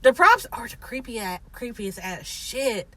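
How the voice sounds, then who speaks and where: A woman's voice: fairly high pitch, big pitch swings, unhurried, pushed and bright, no echo. A young woman co-hosting a casual chat, giggling often and swearing casually. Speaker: podcast co-host. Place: inside a parked car.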